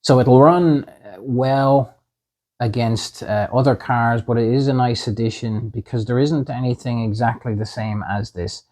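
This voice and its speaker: A man hosting a casual slot car review, upbeat and pausing often with "um" and "uh". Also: medium pitch, a little mellow. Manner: upbeat, many "um" and "uh" fillers.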